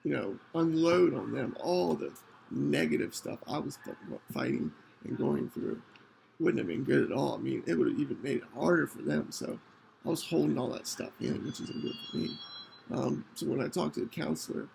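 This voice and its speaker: A man hosting a podcast, telling a personal story in an earnest, halting way with many restarts. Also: medium pitch, very animated, creaky, darkish tone, a little hiss or hum, poor audio. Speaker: podcast host.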